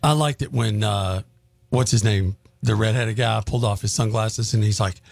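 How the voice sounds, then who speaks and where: A man with a gravelly, slightly husky voice chats casually as a co-host. He talks in a laid-back, rambling way at a middle pitch. The sound is close and dry. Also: steady tone, normal speed, a little mellow, no echo. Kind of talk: casual chat.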